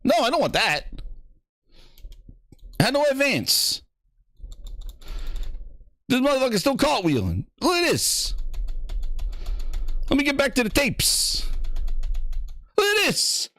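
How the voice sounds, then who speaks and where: A man's voice: very high voice, huge pitch swings, slow, pauses often, sharp tone, no room sound. A man hosting a gaming show, riffing in a profane, mocking, rambling way as casual reaction commentary.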